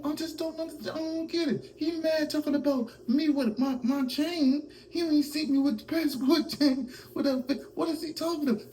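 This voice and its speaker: Squeaky bragging rapper. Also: male voice, mellow, distant mic, a little hiss or hum, low-quality recording. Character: boastful, whiny male rapper impression.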